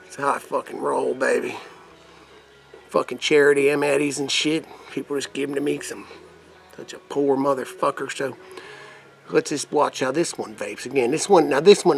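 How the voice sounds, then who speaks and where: A man reviewing vape mods in a rambling, profane vlog, putting on a crude redneck persona. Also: medium pitch. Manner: put-on rough redneck persona. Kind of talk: casual product demo vlog.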